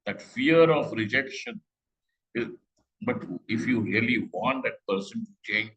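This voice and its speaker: Bright-voiced man teaching scripture. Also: medium pitch, rough recording. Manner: conversational, asks rhetorical questions, quotes Sanskrit slowly. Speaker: Vedanta teacher. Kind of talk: scriptural class lecture.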